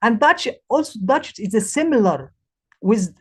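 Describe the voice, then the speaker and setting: A woman who is a language teacher, presenting her project in English, halting and restarting as she searches for words. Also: fairly high pitch, animated, slightly rough. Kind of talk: presentation talk.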